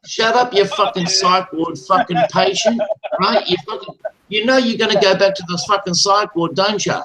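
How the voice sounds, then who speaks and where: A man's voice: high voice, moderate pace, bright, forceful tone, low-quality recording. A man in a heated online voice chat, taunting aggressively and swearing constantly. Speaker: voice chat participant.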